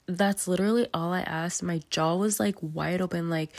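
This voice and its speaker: Young woman podcasting, low gravelly voice, swears a lot, blunt casual storytelling, dry sound. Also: moderate pace, a little mellow, no room sound. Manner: blunt, swears freely, acts out quotes. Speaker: podcast host.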